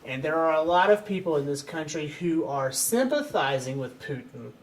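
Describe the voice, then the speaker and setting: A man's voice: a little high, animated, normal speed, distant mic, rough recording. A man hosting a casual studio interview, talking loosely and trailing into fillers. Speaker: host.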